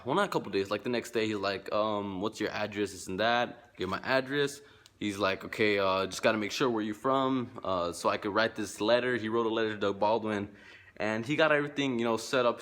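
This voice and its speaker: A man's voice: lowish voice, fairly bright tone. A man telling a personal story to his vlog viewers in a rambling, repetitive way, full of casual slang and quoted back-and-forth. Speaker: fan vlogger.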